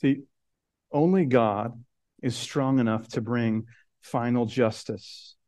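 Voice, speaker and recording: A man preaching a sermon, earnest, slowing and dropping soft on key words, then rising as he builds. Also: dry recording. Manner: earnest, rises in pitch and intensity as he builds. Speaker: pastor.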